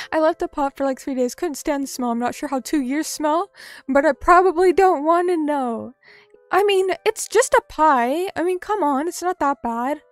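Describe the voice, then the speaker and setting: A woman's voice: high-pitched, measured pace, no room sound, faint music behind. A young woman streamer chatting casually, reading out chat messages and joking about herself in a playful way. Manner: playful, reads chat aloud, self-mocking.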